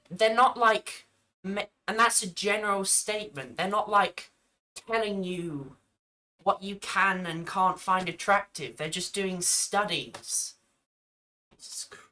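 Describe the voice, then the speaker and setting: A woman's voice: mid-range voice, bright, forceful tone, poor audio. A woman giving reaction commentary on a video, arguing back at the screen in an exasperated, argumentative way.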